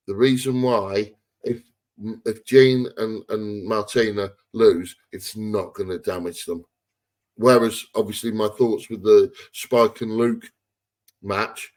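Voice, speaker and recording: A man co-hosting a wrestling podcast, giving blunt opinions with frequent laughs and restarts. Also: lowish voice. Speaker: podcast co-host. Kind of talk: casual wrestling chat.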